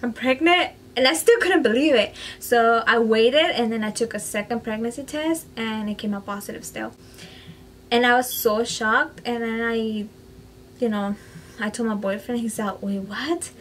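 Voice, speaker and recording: A chatty woman with a slightly raised pitch tells a personal story straight to camera. Her casual talk is full of "like" and "you know", and she slips into Spanish phrases. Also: normal speed, slight background noise, poor audio. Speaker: vlogger.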